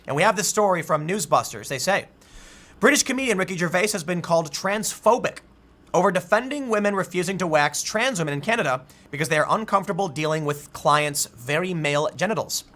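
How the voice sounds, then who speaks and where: A man's voice: high-pitched, fairly quick. A man giving solo commentary on news stories, reading out articles and riffing with frequent restarts. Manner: animated, reads out articles then riffs with restarts. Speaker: political commentator.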